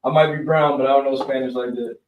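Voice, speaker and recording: A man in casual chat, telling stories in a relaxed way. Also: medium pitch, fast talker, phone-quality sound. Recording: distant echoey mic, faint noise.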